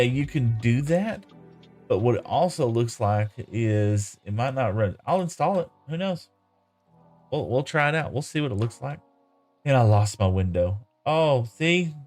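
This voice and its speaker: A man live-streaming a game, chatting casually and reading viewer comments in a rambling, easygoing way, often laughing. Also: mid-range voice.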